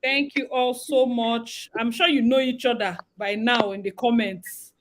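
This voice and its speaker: A young woman with a Nigerian accent hosts a relaxed live chat. Her voice sits a little high, and she talks in an animated way, mixing Pidgin phrases into her English. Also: unhurried, a little hiss or hum, low-quality recording. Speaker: livestream host.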